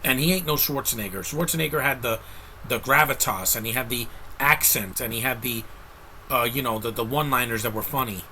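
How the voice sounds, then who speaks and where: A man's voice: medium pitch, a little fast, pushed and bright, a little hiss or hum, poor audio. A man giving a casual, rambling movie review rant, blunt and exasperated, with frequent restarts.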